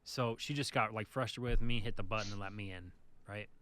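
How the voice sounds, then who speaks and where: A man co-hosting a podcast, telling a casual, animated anecdote about his driving job. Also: on the low side, a little fast, clean tone. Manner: animated anecdote teller, acts out the people in his stories. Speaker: podcast co-host, bus driver. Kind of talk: casual storytelling chat.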